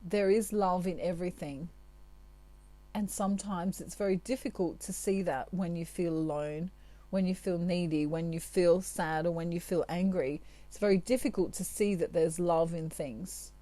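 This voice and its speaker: A lower-pitched woman with a dark, mellow tone talks gently and chattily to her viewers, offering spiritual advice with casual asides. Her voice is close to the mic in a dry, dead room. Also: steady tone, normal speed, dry recording. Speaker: tarot reader.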